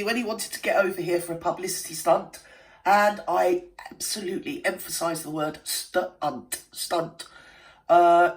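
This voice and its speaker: A woman with a cold, hosting a reaction video in cheeky, gossipy casual commentary with many asides to her viewers. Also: low voice. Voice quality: stuffy, cold-affected voice. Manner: chatty, cheeky and theatrical, with lots of asides to viewers. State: has a cold.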